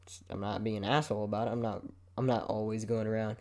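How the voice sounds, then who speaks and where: Talking quickly in a level, fairly low and slightly mellow voice, a young man hosts his own casual podcast. He rambles in a relaxed way, swears often, and moves his head around the mic while speaking.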